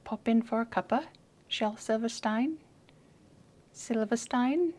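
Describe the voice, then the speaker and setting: A woman's voice: fairly high pitch, takes it slowly, heavy background noise, voice pushed up. A woman putting on a prim British tea-party lady, with a put-on British accent in an exaggerated, singsong genteel lilt. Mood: mock-genteel.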